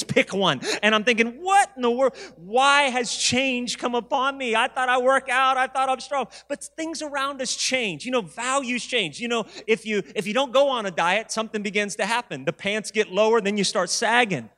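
A man in his forties preaching a sermon with animated storytelling and asides. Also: high voice. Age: 40s. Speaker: pastor. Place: church sanctuary. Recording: long reverb of a large hall.

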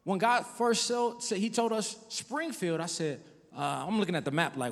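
A middle-aged male pastor delivers a testimonial sermon, moving between hushed storytelling and emphatic exhortation. His voice sits fairly high for a man. The sound carries a long reverb, as in a large church hall. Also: moderate pace, vocal fry. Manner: testimonial preaching, shifting from soft to emphatic.

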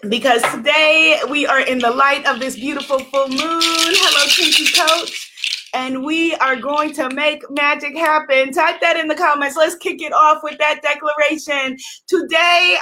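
A woman hosting a spiritual livestream, greeting viewers by name with high energy, then leading slow guided breathing and prayer. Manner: exuberant, greets viewers by name, swings to soft meditative guidance.

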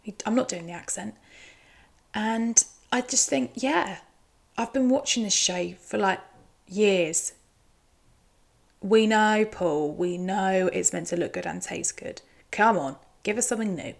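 A woman's voice: mid-range voice, measured pace, vocal fry. A woman giving a chatty, teasing recap commentary. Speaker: show recap host.

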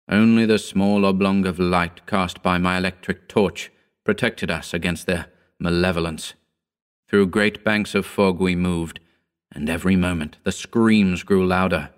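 A man narrating a horror story in a slow, grave, deliberate reading. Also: low voice, smooth.

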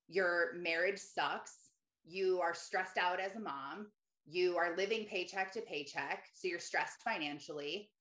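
In an echoey room, a woman with a slightly bright voice shares her own story as a guest on an interview. She hosts a podcast and works as a coach, and she speaks with earnest emphasis, jumping to a higher pitch for quoted thoughts.

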